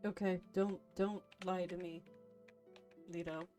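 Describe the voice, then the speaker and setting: Woman player, deadpan, low-key delivery. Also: slow, faint music behind. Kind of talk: casual tabletop banter.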